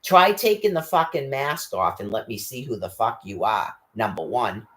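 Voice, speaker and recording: A man's voice: mid-range voice, lively intonation, normal speed, sharp tone. A man, ranting angrily and swearing constantly, firing off rhetorical questions. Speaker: ranting commentator. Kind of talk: angry profane rant.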